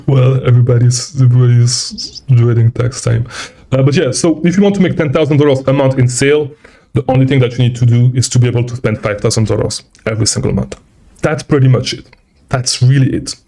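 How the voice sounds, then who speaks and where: A man's voice: medium pitch, expressive, brisk, dark tone. Breathless man on a live Q&A. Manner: rambling, repeats okay, reads viewer questions. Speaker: livestream host and seller coach. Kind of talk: casual live Q&A. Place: traveling, indoors.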